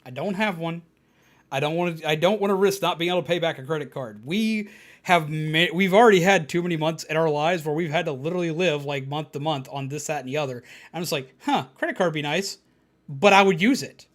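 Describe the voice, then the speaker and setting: A woman streamer chatting casually on a live stream, telling stories in an animated, profane way. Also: low voice, fast.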